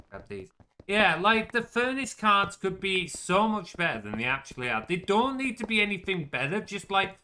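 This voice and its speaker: A man's voice: medium pitch, sharp tone, slight background noise. A man chatting casually while streaming a game, rambling and answering his chat with lots of "like". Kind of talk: casual gaming commentary.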